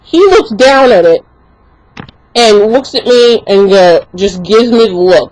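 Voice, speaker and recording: A young woman vlogger telling an exasperated, animated story in casual chat, full of "like" fillers. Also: medium pitch, slow pace, rough recording. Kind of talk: casual ranting story to camera.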